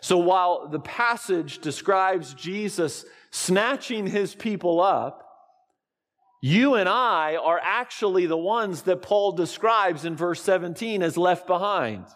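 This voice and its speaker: Male pastor, sermon, unhurried delivery, slightly raised pitch, long hall reverb. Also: expressive, fairly bright tone. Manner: slow, deliberate preaching with dramatic pauses.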